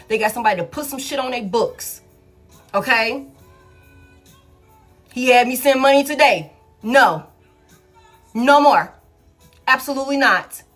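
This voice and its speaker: A woman giving a live tarot reading, blunt and profane, hammering her points home with repeated flat refusals. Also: fairly high pitch. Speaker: tarot reader. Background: faint background music.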